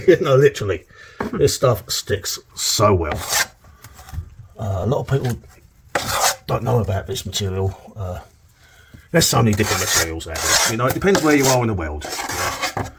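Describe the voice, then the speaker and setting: Indoors on a work site, with background noise, a middle-aged plasterer demonstrates cornice work in a lowish, sing-song voice at a moderate pace. He's chatty and joking, checking in with "okay?" as he goes.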